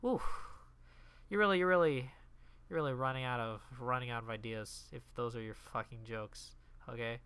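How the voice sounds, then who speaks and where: A man's voice: medium pitch, normal speed, fairly bright tone, clean tone. A man casually reviewing a movie in a profane, exasperated rant.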